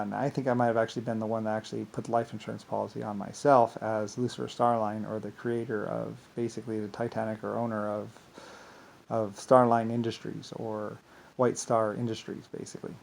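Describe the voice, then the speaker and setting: An angry man talking in a rambling monologue, repeating himself, restarting often and swinging between loud bursts and mutters. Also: lowish voice, level tone, fairly quick, gravelly. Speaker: vlogger.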